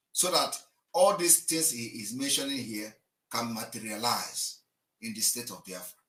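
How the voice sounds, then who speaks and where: A man giving an impassioned political address, emphatic and declaiming, swinging between loud and quiet. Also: medium pitch. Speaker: livestream broadcaster. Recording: echoey room, distant mic.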